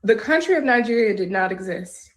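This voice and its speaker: A woman giving opinionated news commentary, indignant and forceful. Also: medium pitch, animated, fairly quick. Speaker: co-host.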